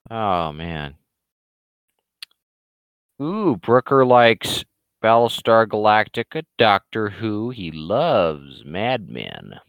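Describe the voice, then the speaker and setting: A man's voice: on the low side, fairly bright tone, clear, resonant tone, no echo. A man with a slightly scratchy throat, hosting a live show with sarcastic, rambling commentary and casual swearing.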